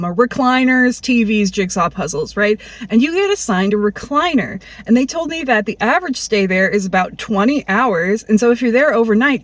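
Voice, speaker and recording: Woman, blunt and profane, animated storytelling, dry close sound. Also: a little high, no echo. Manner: blunt, profane, animated, acts out quoted people. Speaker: vlogger telling a personal story. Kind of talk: candid storytelling monologue.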